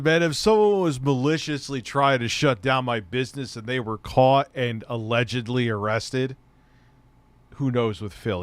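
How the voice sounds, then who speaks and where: A man's voice: mid-range voice, no room sound. A man hosting a commentary show, reacting to clips in a crude, profanity-laden rant. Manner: crude, swearing rant with laughs.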